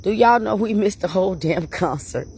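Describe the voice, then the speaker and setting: Woman, channel host, casual storytelling, lively, laughs a lot, mid-pitched voice. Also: slight background noise. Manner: animated, laughs often, addresses viewers as y'all.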